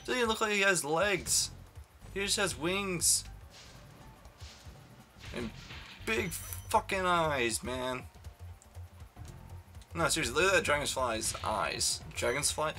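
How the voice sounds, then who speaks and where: A man's voice: fairly high pitch, animated, slow pace, pauses often, pushed and bright, soft background music. A young man giving casual, rambling, self-mocking commentary while playing a video game, swearing freely. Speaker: let's play commentator.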